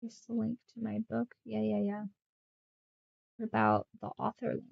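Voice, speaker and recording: A woman's voice: on the high side, level tone, normal speed, vocal fry, breathy edge, dry recording. A young woman streaming from home, chatting casually and rambling in baby talk to her pets. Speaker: streamer and author. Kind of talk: casual livestream chat. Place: room at home. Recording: slightly dull lo-fi stream audio.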